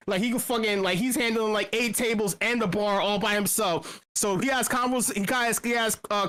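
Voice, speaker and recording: During a casual chat, a man who regularly attends meetups rambles through a story set in a bar, swearing often and tripping over restarts and filler words. When he quotes people, he performs their lines with large pitch leaps.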